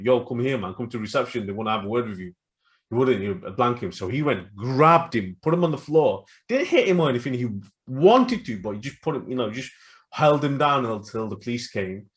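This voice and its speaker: A man co-hosting a casual podcast, retelling stories with lively acted-out quotes. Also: mid-range voice. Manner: animated storytelling, acts out quotes. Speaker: podcast co-host. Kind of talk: casual chat.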